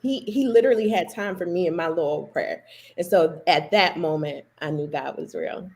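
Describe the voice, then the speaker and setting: Lively woman sharing a church testimony. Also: lowish voice, normal speed. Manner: animated storyteller, acting out remembered dialogue. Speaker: women's ministry host. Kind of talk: personal testimony to a livestream audience.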